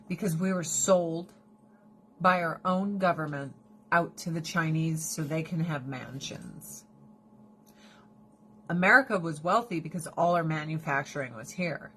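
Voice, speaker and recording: A woman in her thirties chatting casually to her viewers, swearing freely and ranting with animated storytelling. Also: lowish voice, a little hiss or hum. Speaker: vlogger. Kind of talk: casual chat.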